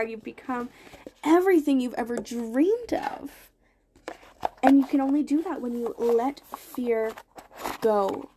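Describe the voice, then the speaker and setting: A woman's voice: high voice, a little slow, mellow, a little hiss or hum. A young woman hosting a motivational podcast, talking earnestly and encouragingly with repeated emphasis. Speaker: podcast host and life coach.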